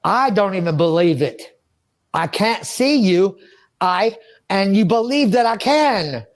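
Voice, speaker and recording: Taking it slowly, a man with a high, expressive voice gives an emotional monologue as an interview subject. He's rambling and agitated, cursing and muttering to himself.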